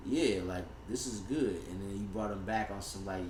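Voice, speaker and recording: A young man co-hosting a casual podcast chat, relaxed and slangy. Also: fairly low pitch, moderate pace, background noise. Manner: relaxed, slangy, laughs with friends. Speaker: podcast co-host. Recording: echoey room with others talking.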